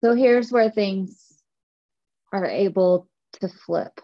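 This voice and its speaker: A woman coaching a client, calmly reflecting back her fears and guiding her through a belief exercise. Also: medium pitch, slow, dull audio. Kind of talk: coaching session.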